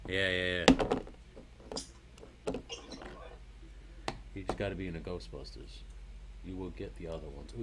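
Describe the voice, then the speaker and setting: A man's voice: low voice, steady tone, slow, long pauses, heavy background noise. A man co-hosting a casual live chat while watching a baseball game, joking around and slipping into put-on accents. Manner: jokey, slips into put-on accents. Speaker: podcast co-host.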